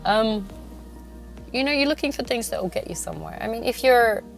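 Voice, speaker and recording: A woman's voice: a little high, animated, a little fast, gravelly, soft background music. A woman hosting a casual podcast monologue in a car, frank and swearing, laughing often and drifting off on tangents. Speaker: podcast host.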